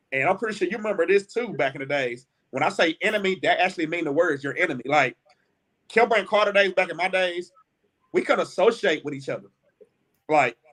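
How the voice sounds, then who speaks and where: Houston guy hosting a sports chat, voice sits a bit high, talks loose and chatty. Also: fairly bright tone. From Houston, Texas. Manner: chatty, leads the segments. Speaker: sports show host. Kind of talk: casual sports talk.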